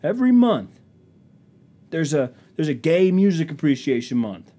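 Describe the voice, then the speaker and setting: A man's voice: mid-range voice, big pitch swings, a little fast, a little mellow, natural voice. A man doing a blunt, offhand handyman. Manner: clipped, matter-of-fact. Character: blunt sweaty male handyman, casual and offhand.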